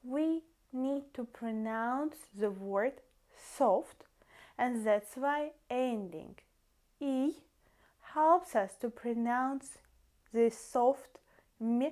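Speaking in a fairly high, slightly mellow voice with a Russian accent, a female language teacher leads a lesson at an unhurried, deliberate pace. She addresses her viewers as dear friends and frequently pauses to pronounce word endings one at a time.

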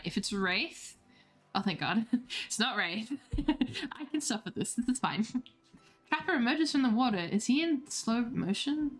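A woman's voice: a little high, animated, measured pace, soft background music. A woman streamer reading a dating game aloud, playful and laughing, with self-deprecating asides.

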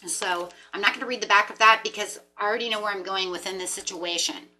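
A woman giving a casual tarot reading, animated and chatty, often repeating and restarting words as she thinks aloud, with the odd casual swear. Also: medium pitch, quick pace, slight background noise. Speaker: tarot reader.

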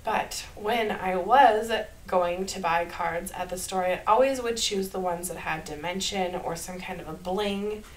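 A woman's voice: lowish voice, unhurried, hardly any pauses, low-quality recording. Chatty Minnesotan woman teaching crafts. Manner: chatty and upbeat, laughs softly at herself. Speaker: card-making channel host. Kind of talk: casual craft tutorial voice-over.

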